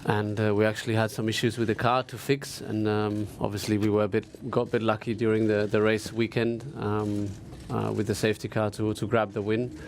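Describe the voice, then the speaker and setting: Gravelly, flat-voiced male driver. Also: lowish voice, brisk, hardly any pauses, slight background noise. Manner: hesitant, frank. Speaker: racing driver. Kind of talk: press conference answers.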